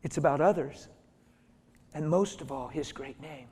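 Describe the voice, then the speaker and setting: A middle-aged man preaching through a personal story, animated and emphatic, acting out the voices of the people in it. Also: fairly high pitch, measured pace, slightly rough. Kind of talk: storytelling sermon. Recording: long hall reverb.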